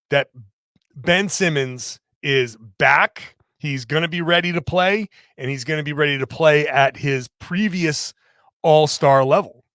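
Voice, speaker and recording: A man chats through a basketball podcast as co-host, quick and joking, often restarting his sentences. His voice sits a little high, and the sound is dry and close with no room around it. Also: a bit bright, smooth, no echo. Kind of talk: casual sports podcast chat.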